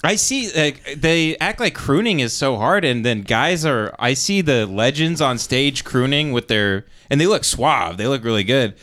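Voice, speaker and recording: Podcast guy, medium voice, deadpan riffs but bouncy intonation. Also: mid-range voice, a little slow, few pauses. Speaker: podcast co-host. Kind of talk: casual comedy chat.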